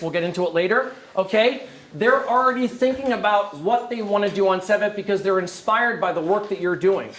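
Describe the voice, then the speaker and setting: A man giving an energetic, joking presentation to a room of prospective camp staff, often turning to the audience with questions. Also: sits high. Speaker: camp director recruiting staff. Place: lecture room. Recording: roomy hall echo.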